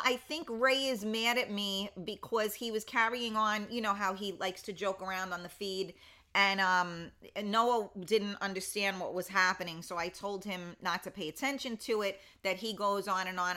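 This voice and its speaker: A woman in her fifties hosts a casual live stream, chatting and reading viewers' comments aloud with lots of fillers while sounding a little foggy and in pain. Her mid-range voice is bright and forceful.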